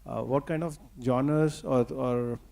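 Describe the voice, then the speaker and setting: A man's voice: medium pitch, fairly even intonation, slow pace, vocal fry, darkish tone. A man in the audience asking a speaker questions at a conference, rephrasing them when he is not understood.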